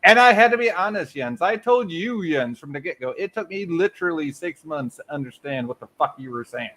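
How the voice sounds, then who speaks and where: Man, highish bright voice, animated livestream banter. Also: a little fast. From Michigan, USA. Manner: animated, loud laughing, swearing. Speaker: livestream co-host. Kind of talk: casual livestream chat.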